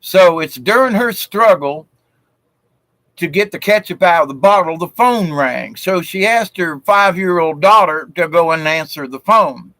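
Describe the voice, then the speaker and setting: Slow-talking folksy man. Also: sits high, lively intonation, a bit bright, no echo, rough recording. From South Georgia, US. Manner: folksy and chuckling, with frequent fillers. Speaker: live-stream host. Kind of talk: casual joke-telling chat.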